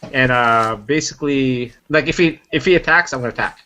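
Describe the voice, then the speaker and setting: A man playing a tabletop game, speaking in a casual, halting way. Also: medium pitch, bright, forceful tone, a little hiss or hum. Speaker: player.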